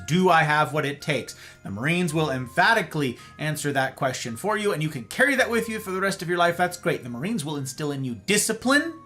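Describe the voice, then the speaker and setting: A man hosts a live-streamed talk with a lively, swooping delivery, full of emphatic points and wry sarcasm. His tone is bright and forceful, and soft instrumental music plays faintly behind him. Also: a little high. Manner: emphatic, animated and sarcastic, with playful asides. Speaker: host. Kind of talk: livestreamed talk monologue.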